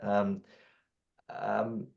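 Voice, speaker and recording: A man and coach on a panel, speaking deliberately with many pauses and fillers. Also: lowish voice, monotone, creaky, darkish tone, dull audio. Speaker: master certified coach. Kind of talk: casual panel discussion.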